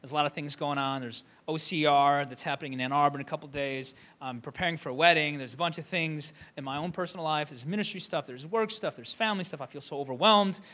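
A man's voice: on the high side, fast talker, few pauses, bright, forceful tone. A young man from Michigan preaching a conversational sermon, with many fillers and restarts. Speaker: pastor.

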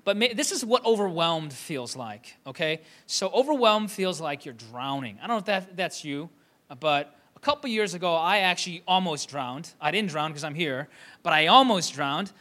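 A man's voice: fairly high pitch, expressive, normal speed, pushed and bright. A young man from Michigan preaching a conversational sermon, with many fillers and restarts. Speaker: pastor.

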